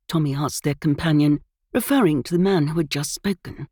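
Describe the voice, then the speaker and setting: A woman narrating a cozy mystery audiobook with lively, expressive storytelling. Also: low voice, brisk, no echo, clean studio sound.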